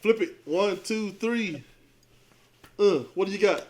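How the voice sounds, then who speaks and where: A man's voice: sits high, slow, a little mellow. A man co-hosting a podcast, chatting casually and joking with family and his partner. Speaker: podcast co-host. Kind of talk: casual chat.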